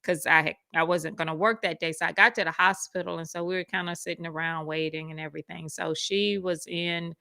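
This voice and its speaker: A woman casually telling a personal story, animated and acting out the voices of the people in it. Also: fairly quick, vocal fry, hardly any pauses, no echo. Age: adult with school-age kids. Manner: animated, acts out quoted voices with big pitch jumps. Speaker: speaker sharing a personal testimony.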